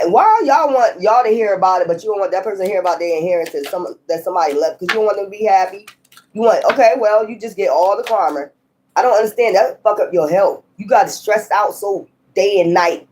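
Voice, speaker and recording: A woman's voice: mid-range voice, a little mellow, a little hiss or hum. A woman reads tarot cards in a loose, unscripted style. She is blunt and scolding, curses freely and laughs often as she talks to her viewers. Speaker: tarot reader. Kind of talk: casual tarot reading.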